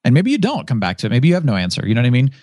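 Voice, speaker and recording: A man's voice: medium pitch, rapid-fire, dry recording, studio quality. A man who once worked as a radio DJ, talking casually as a podcast guest and acting out the voices in his stories. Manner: animated storyteller who acts out quoted voices.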